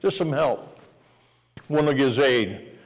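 A man's voice: medium pitch, animated, slow pace, in a large hall, poor audio. A man preaching at a revival meeting, telling a homey story and tagging lines with "amen?". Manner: folksy, storytelling, asks the crowd "amen?". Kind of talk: revival sermon with a personal story.

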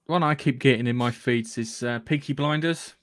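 A man co-hosting a podcast, brisk and teasing, swearing casually as he brings up news. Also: mid-range voice, no echo. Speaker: podcast co-host. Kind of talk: casual chat.

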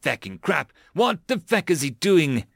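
A man's voice: fairly high pitch, big pitch swings, measured pace, creaky, no room sound, clean studio sound, pitched above the performer's own voice, heavily acted. A man voicing a tough female army sergeant under fire, barking urgent commands and swearing. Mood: barking orders.

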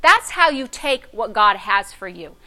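A middle-aged pastor, a woman, delivers a sermon with an unhurried, mid-range voice. She tells a story with sass and animation, her volume shifting from near-whisper to loud.

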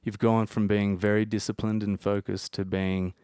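Brief australian guy, lowish smooth voice, dry close sound, rambling anecdotes. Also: moderate pace, no room sound. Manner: rambling, animated storyteller. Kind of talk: casual chat.

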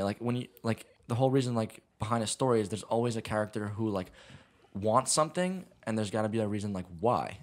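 A young man in casual chat, telling a rambling story about making a short film, full of "like" and "long story short". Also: lowish voice. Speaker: filmmaker guest.

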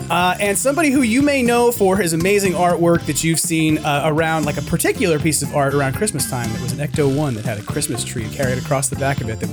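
Male podcast host from New York, loose and rambling. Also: on the high side. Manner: rambling, self-interrupting, laughs often. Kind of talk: casual podcast chat.

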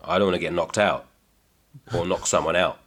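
A man with an extremely deep, husky voice trades stories on a podcast. His delivery is dry and deadpan, and his jokes are played straight. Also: brisk. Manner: deadpan, dry comic storytelling. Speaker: comedian guest. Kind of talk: casual podcast chat.

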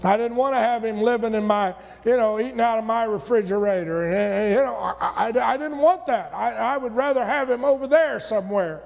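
High-voiced gravelly preacher in a reverberant church. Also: male voice, a little fast, few pauses. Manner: repetitive, folksy preaching that rises to emphatic peaks. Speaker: pastor. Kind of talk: sermon. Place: church sanctuary. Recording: long reverb of a church sanctuary.

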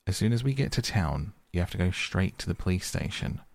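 Storybook water rat, male, exasperated and brisk, read by a man with a husky low voice. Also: expressive, no echo, heavily acted. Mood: sharp. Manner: sharp, brisk and fed up.

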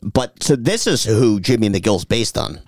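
A man's voice: fairly low pitch, expressive, a little slow. A man co-hosting a comedy podcast who laughs a lot and argues back in casual banter. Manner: laughs often, defensive. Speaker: podcast co-host.

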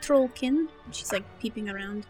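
A woman's voice: mid-range voice, normal speed, darkish tone, soft background music. A woman player in a tabletop game, casually describing her character's actions.

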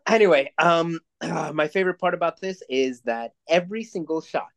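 A man's voice: fairly high pitch, moderate pace, creaky. Rambling, profane young man on a podcast. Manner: rambling, profane, animated storytelling. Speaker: podcast co-host. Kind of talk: casual chat.

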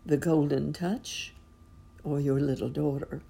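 A wise and mysterious stranger questions calmly in a low, dark, husky voice, as a woman narrating puts him on. Each line is measured and quiet. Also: full character voice. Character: smiling mysterious male stranger, wise and calm.

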